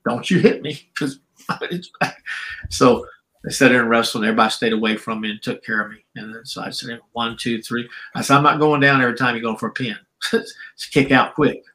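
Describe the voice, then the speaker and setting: A man's voice: a little fast, low-quality recording. An older man, a former pro wrestler telling long stories in a podcast interview and acting out the voices he quotes. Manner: animated storyteller, acts out quotes with shifting pitch. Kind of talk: storytelling interview. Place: podcast recording.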